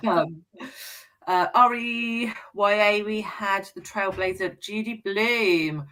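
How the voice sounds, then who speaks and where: A woman's voice: medium pitch, slow, fairly bright tone, poor audio. A woman in her forties hosting a casual book chat, reading out comments and laughing often. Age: 40s. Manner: chatty, laughs often, reads comments aloud. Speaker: podcast host.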